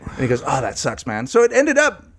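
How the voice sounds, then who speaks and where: A man's voice: mid-range voice, fairly quick, slight background noise. A man co-hosting a casual comedy chat, telling a story with lots of swearing and laughter. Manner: profane, animated storytelling with frequent laughs. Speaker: podcast co-host.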